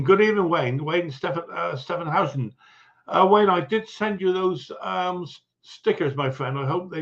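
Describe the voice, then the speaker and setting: A man's voice: fairly high pitch, muffled recording. Chatty man hosting a livestream. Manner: chatty, greets viewers one by one, chuckles often. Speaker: livestream host. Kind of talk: casual livestream chat.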